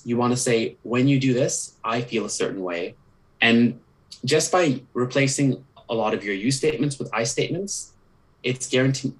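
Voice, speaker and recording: A man's voice: mid-range voice, low-quality recording. A young man, a counselor, earnestly explaining communication tips with examples on a podcast, with many "sort of" and "kind of" asides.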